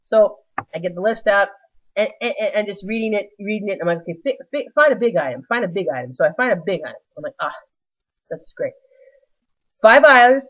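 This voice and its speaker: A woman's voice: mid-range voice, lo-fi sound. A woman telling a rambling, self-mocking comic story with many restarts.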